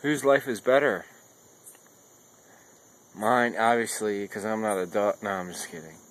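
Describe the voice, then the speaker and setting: A young man chatting casually to his dog at home, rambling and a little tipsy, switching into a high playful voice for the dog. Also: measured pace, a bit bright. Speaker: vlogger. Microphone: phone camera.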